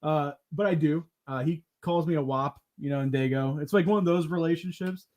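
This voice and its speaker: A man hosting a podcast in casual chat, telling lively stories, acting out what others said, laughing and swearing as he goes. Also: a little high, a little fast. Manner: animated storyteller who acts out quotes, laughs and swears often. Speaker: podcast host.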